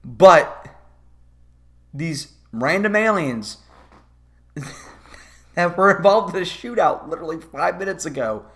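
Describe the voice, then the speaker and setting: A man's voice: a little high, animated, takes it slowly, pauses often, a bit bright. A man giving a profane, sarcastic commentary rant about a movie, sounding exasperated. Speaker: movie reviewer.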